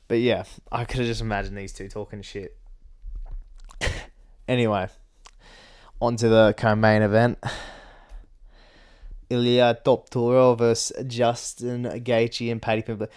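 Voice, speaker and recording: A man's voice: lowish voice, level tone, a little slow, long pauses, darkish tone, smooth. A man hosting his own vlog, rambling through casual chat about fights, swearing often and laughing between points. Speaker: MMA commentary vlogger.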